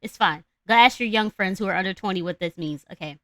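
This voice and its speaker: A young woman streaming from home, retelling a story in a rambling, slangy, profane way. Her voice is bright and forceful, and the close mic leaves it dry with no room sound. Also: mid-range voice, fast talker, no room sound. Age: young adult. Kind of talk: casual live-stream storytelling.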